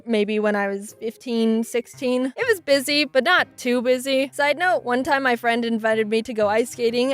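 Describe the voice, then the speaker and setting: A young woman telling funny childhood stories in a casual, sarcastic way, with quick asides. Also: fairly high pitch. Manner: quick shifts into quoted voices, sarcastic asides. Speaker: storytelling video narrator. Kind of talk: casual comedic storytelling. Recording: faint music behind.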